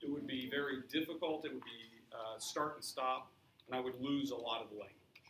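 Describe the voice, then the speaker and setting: A man's voice: medium pitch, a little fast, fairly bright tone, slight background noise. A man teaching science to a class, explaining with examples and asking students questions. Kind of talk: classroom lecture. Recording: echoey classroom from far off.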